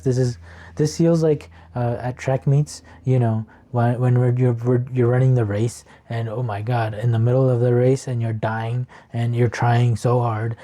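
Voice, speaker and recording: A man's voice: medium pitch, fairly even intonation, moderate pace, mellow. A man giving a casual, encouraging tarot reading to the viewer, often chuckling as he talks. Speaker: tarot reader.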